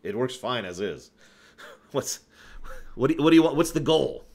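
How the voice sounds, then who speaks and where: A man's voice: mid-range voice, lively intonation, normal speed, pauses often, a little mellow. A man answering viewer questions on a casual live stream, rambling, correcting himself and chuckling as he goes.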